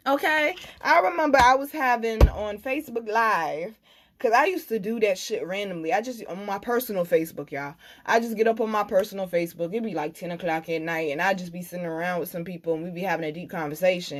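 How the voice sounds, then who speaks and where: A woman giving a tarot reading in a casual, blunt and profane way, telling animated stories and speaking. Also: mid-range voice, fairly quick. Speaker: tarot reader.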